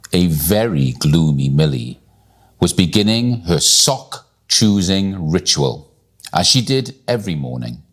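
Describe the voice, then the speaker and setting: Deep-voiced man reading a bedtime story. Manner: expressive, slow and deliberate storytelling.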